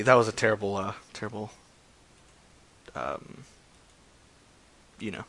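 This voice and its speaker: A man's voice: fairly low pitch, expressive, unhurried, pauses often, background noise. A man hosting a live stream, chatting in a rambling, crude, joking way between prank phone calls. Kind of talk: casual profane streaming chat.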